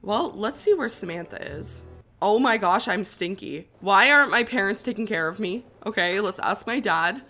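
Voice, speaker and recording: A young woman giving casual, excitable commentary while playing a life-simulation game. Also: mid-range voice, normal speed. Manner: excitable, exclaiming and chatty. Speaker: gaming YouTuber.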